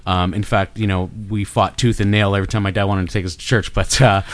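A low-pitched middle-aged Canadian man with a Canadian accent speaks at a quick pace with fairly even intonation as a guest artist in a casual interview. His enthusiastic, rambling talk is full of fillers and restarts, with slight background noise.

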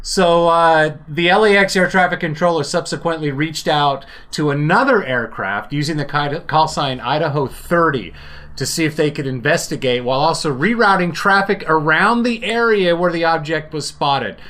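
A man with a slightly high voice co-hosting a casual chat show. He laughs often and trips over his words, then reads news items aloud. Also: normal speed, sharp tone. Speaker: podcast co-host.

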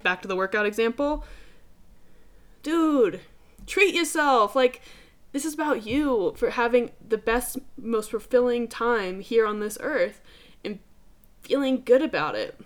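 Young woman, podcast host, emphatic, swears freely, casual pep talk. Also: fairly high pitch. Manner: emphatic, swears casually, calls listeners dude.

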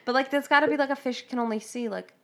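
A woman co-hosting a podcast in casual chat, chiming in with quick jokey asides and agreement. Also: sits high, a bit bright. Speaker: podcast co-host.

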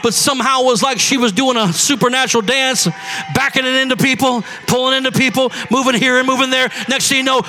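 A man preaching a sermon in a church, fervent and often shouting as he calls out to the congregation. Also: extremely high pitch, a little hiss or hum.

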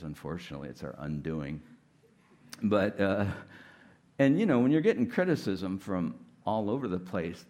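A middle-aged man preaches as a guest speaker in a loose, conversational way. His voice sits fairly low, and he is candid and self-deprecating, leaning often on "like" and "you know". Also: a little mellow. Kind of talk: conversational sermon.

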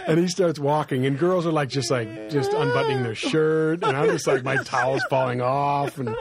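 A man's voice: fairly high pitch, very animated, moderate pace, over loud music. A middle-aged man in casual chat, telling rambling anecdotes and often laughing as he talks.

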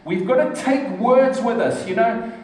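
A man's voice: extremely high pitch, a little slow, darkish tone. Earnest man preaching in an echoey hall. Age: middle-aged. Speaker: pastor. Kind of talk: sermon. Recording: echoey hall from far off, faint noise.

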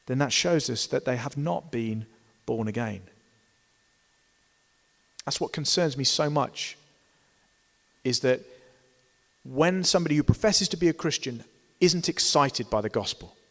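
A male preacher delivers a sermon with strong emphasis, swinging between loud, stressed phrases and soft, hushed ones, expressive and unhurried with long pauses. His pitch is middling, and a church hall's long reverb trails after every word.

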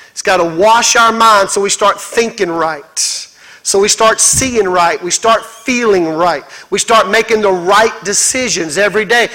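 A man preaching a sermon as pastor, fervent and rhythmic, piling up repeated phrases and building to shouts. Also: sits high, rough recording. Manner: repetitive rhythmic exhortation.

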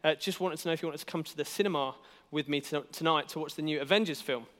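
Chatty young man with a clear, ringing voice in a hall. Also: on the high side, fast, a bit bright. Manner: self-deprecating, chatty, with many fillers and restarts. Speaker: youth worker giving a church talk. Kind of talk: casual storytelling sermon. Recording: hall reverb.

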